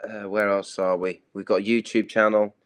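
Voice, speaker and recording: A man's voice: fairly low pitch, flat delivery, normal speed, smooth, no room sound. A man with a Liverpool accent, a guest musician chatting casually over a video call, full of ums and restarts. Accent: Liverpool (Scouse). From Liverpool, England. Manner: hesitant, lots of ums and restarts. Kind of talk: casual chat.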